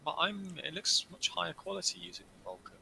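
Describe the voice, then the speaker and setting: A man's voice: fairly high pitch, very animated, a little fast, vocal fry, a crowd in the background, low-quality recording. A young man playing a game with a friend, bantering in a teasing, chuckly way. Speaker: co-player. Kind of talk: casual gameplay chat.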